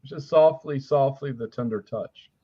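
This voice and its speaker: A man doing a live spiritual reading, his mid-pitched voice slightly dull and lo-fi. He rambles, restarts his sentences and swears casually as he passes on messages. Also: normal speed, husky. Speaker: spiritual reader and healer.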